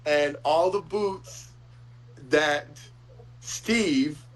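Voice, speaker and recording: A man hosting a casual chat, talking in a rambling, warm-hearted way with frequent chuckles. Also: on the high side, very slow, rough recording. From Florida. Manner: rambling, chuckles often, fillers. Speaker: host.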